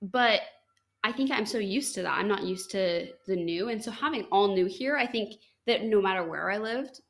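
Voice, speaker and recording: A woman's voice: medium pitch, normal speed, vocal fry. Young woman, podcast host, chatty storyteller, mid-range voice, loves to quote people. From United States. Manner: chatty, full of "like", acts out quoted dialogue. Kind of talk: casual storytelling chat.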